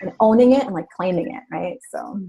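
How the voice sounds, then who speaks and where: A woman's voice: medium pitch, fairly quick, vocal fry, dark tone, slightly rough, rough recording. A woman speaker trainer telling a story and teaching breath work in an earnest, casual way.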